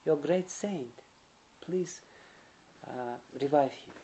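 A man's voice: a little high, slow, slight background noise, rough recording. A man voicing a pleading old grieving mother. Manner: pleading, hushed.

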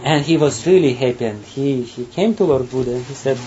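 Laughing, halting man giving a spiritual talk. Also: medium pitch, mellow. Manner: halting, repeats words, laughs often. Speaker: spiritual teacher. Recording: dull, faint background noise.

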